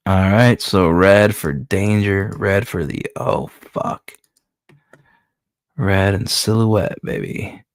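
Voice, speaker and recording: A man, a comic book creator, casually walking through his own comic in loose, profane, excitable commentary. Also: lowish voice, slow, no echo, studio quality.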